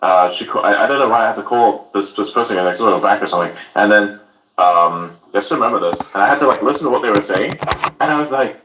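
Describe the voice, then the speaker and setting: A man's voice: lowish voice, racing, sharp tone, roomy sound, far from the mic, rough recording. A German man whose first language is German, ranting with lots of swearing in casual podcast chat. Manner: profane, ranting.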